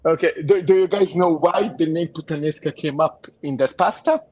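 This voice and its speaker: A man, a guest in a casual chat, telling a story in halting, repeated phrases. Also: fairly high pitch, darkish tone, no echo, rough recording.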